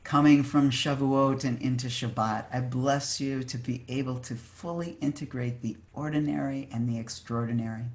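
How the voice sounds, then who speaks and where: A preacher giving a heartfelt Shabbat sermon over a video call, earnest and emphatic, sometimes pausing to search for words. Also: mid-range voice, fairly even intonation, darkish tone. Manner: fervent, searching for words with fillers and restarts. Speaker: maggid, preacher.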